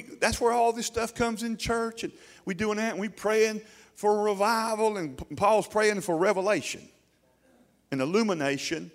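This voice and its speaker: A man preaching a sermon to a congregation in a folksy, animated way, often mimicking voices. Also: high voice, big-room sound. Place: church hall before a congregation.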